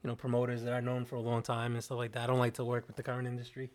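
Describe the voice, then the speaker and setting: Relaxed man, rambling podcast guest. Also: mid-range voice, very fast. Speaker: music producer and DJ guest. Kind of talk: casual podcast chat.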